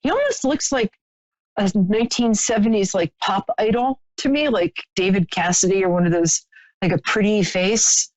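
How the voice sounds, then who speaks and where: A woman's voice: medium pitch, animated, normal speed, darkish tone, no room sound, rough recording. A woman hosting a live stream, chatting sympathetically with a caller as she gives a psychic reading, with many fillers and restarts.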